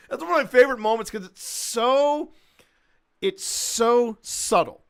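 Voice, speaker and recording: A man hosting a livestream, chatting casually and rambling, with loud bursts of laughter. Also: high voice, expressive, a little slow. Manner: quotes films in a gruff mimic voice. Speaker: livestream host.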